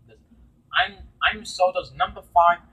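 A man's voice: high voice, fairly even intonation, a little slow, bright, forceful tone, breathy edge, voice pushed up, full character voice, rough recording. A man voicing a proud, huffy male train engine in a fan-made story, talking indignantly and stumbling over his words.

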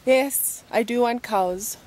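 A woman speaks slowly in a somewhat high voice, vlogging into a phone camera outdoors beside a rural road. She keeps it playful, with teasing, mock-dramatic asides. Faint outdoor noise sits under her voice. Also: a little mellow, low-quality recording. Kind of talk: casual vlog chat.

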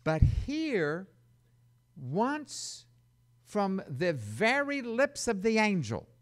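A man preaching a sermon as a Bible teacher, dramatic and emphatic, with sudden loud bursts and conversational asides. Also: sits high, huge pitch swings, extremely slow.

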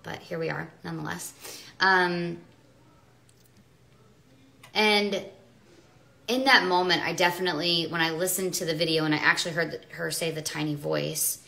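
Bright-voiced woman rambling on a livestream. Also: fairly low pitch, fairly even intonation, normal speed, vocal fry, pauses often. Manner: rambling, self-justifying, many restarts. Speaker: mother and social media seller. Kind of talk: rambling live stream monologue.

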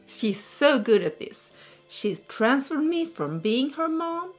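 A middle-aged woman chatting playfully as her daughter's makeup model, teasing and lively. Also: high voice, takes it slowly, faint music behind. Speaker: vlogger's mother, makeup model. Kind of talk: casual chat.

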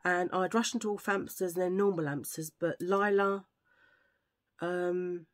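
A woman chatting casually to camera, rambling from one tangent to the next. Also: on the low side. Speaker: vlogger. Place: at home filming under a ring light.

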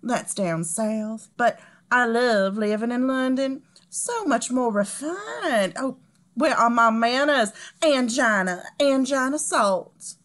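Eine Frau, die eine tratschende, snobistische Erbin mit dickem Südstaatenakzent in einer komödiantischen Lesung spricht. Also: female voice, a little high, expressive, takes it slowly, a bit bright. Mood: gossipy, gushing. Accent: Southern US. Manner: chatty, affected, gossipy. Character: gossipy, snobbish Southern heiress, woman. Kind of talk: comedic table read.

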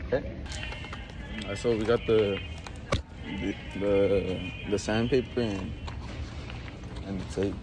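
A man narrates a casual vlog in a lowish voice. He sounds relaxed and slangy, stumbling and restarting his phrases. It is a phone video with loud background noise. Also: takes it slowly, long pauses. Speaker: vlogger. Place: outdoors and in stores, on the move.

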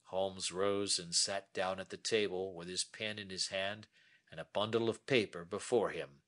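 A man narrating a graded English story in a careful, deliberate reading style. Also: deep voice, steady tone, fairly bright tone. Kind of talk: slow scripted story narration for English learners.

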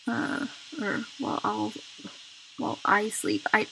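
A woman's voice: medium pitch, big pitch swings, unhurried, vocal fry, bright, forceful tone, slight background noise, rough recording. A young woman casually commenting on a life-sim game she is playing, chatty and exasperated as she scolds her character. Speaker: gaming YouTuber.

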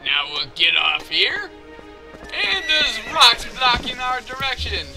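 Joking young man gaming, high voice. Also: very animated, slow pace, gravelly. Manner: joking, crude, talks to the game characters. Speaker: let's play gamer. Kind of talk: casual gameplay commentary. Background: game music.

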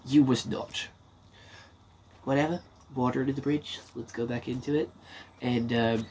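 Here a male streamer narrates a game to himself, cursing without restraint. His pitch is medium and his intonation fairly even, at a moderate pace broken by long pauses, with a little hiss or hum on the track.

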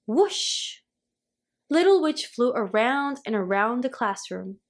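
A woman reading a children's storybook aloud, in a clear storytelling manner. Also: on the high side, expressive, moderate pace. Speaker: storybook reader.

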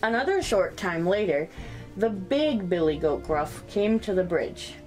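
A woman reading a children's story aloud in an expressive, sing-song storyteller's way, greeting her young listeners. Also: fairly low pitch, unhurried, soft background music.

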